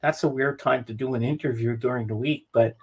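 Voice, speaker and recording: A man's voice: medium pitch, steady tone, a little fast, breathy edge. A man co-hosting a podcast, chatting casually in an easygoing, plain-spoken way. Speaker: podcast co-host. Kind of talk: casual chat.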